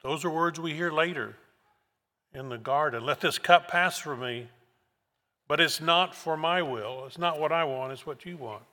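A man preaching a sermon verse by verse, slow and emphatic, repeating key words for weight. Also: on the high side, bright, forceful tone. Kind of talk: expository sermon. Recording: long hall reverb.

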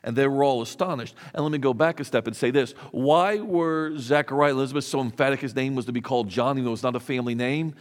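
A man's voice: a little high, quick pace, few pauses, in a large hall. A man preaching a sermon in a conversational way, with rhetorical questions and frequent restarts. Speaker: pastor.

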